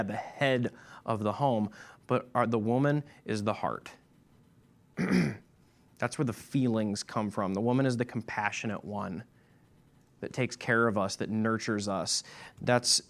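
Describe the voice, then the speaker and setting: A man's voice: mid-range voice, normal speed. A man preaching a sermon as pastor, emphatic and repeating his key points.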